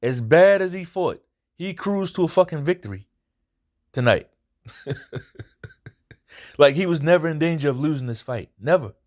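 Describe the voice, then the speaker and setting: This man's voice sits on the high side, expressive and a little mellow, moving at normal speed with long pauses. He hosts his own boxing commentary channel and is casually recapping a fight, speaking bluntly, swearing often, and repeating himself for emphasis.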